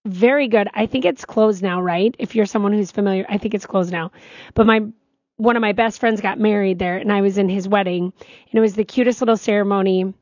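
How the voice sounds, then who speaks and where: A woman, co-hosting a talk show and telling stories in animated, casual chat. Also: medium pitch, fairly quick, no room sound, dull audio. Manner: chatty, animated storytelling. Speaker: radio show co-host.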